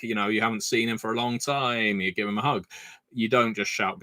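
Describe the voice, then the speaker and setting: Man, casual livestream chat, anecdotal, filler-heavy, bright forceful tone, dry close mic. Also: on the low side, brisk, no room sound. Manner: chatty, anecdotal, frequent filler "uh". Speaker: game designer hosting a livestream Q&A. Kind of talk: casual livestream chat reading viewer comments.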